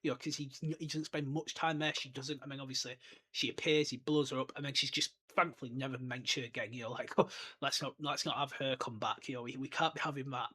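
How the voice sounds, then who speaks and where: A man's voice: mid-range voice, fairly even intonation, fast talker, bright, forceful tone, slightly rough. A young man hosting a solo podcast, chatting enthusiastically and rambling off on tangents. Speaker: podcast host. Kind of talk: casual solo podcast book discussion.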